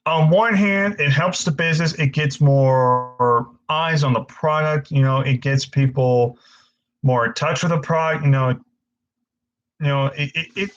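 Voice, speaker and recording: A man's voice: on the high side, measured pace, highs cut off. A young man hosting a casual live-stream Q&A, frustrated and stammering, swearing often as he answers viewers.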